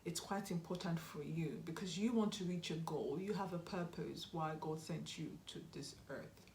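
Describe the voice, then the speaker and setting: A woman's voice: deep voice, normal speed, a little mellow, a little hiss or hum. Earnest young woman, roomy echo. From Nigeria. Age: young adult. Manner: earnest, encouraging, repeats key advice. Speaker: YouTube host. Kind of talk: motivational vlog talk.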